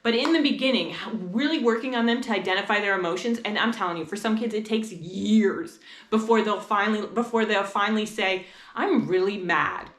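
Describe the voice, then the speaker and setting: A woman's voice: medium pitch, fairly quick, reverberant. A woman vlogger talking casually to camera in a chatty, rambling way about homeschooling. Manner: chatty, rambling, animated asides.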